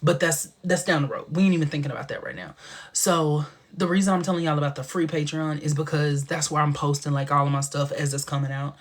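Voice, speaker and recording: Husky-voiced, chatty livestream host man. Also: on the high side, quick pace. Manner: chatty and animated, laughing often, drops into whispers. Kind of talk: casual livestream chat.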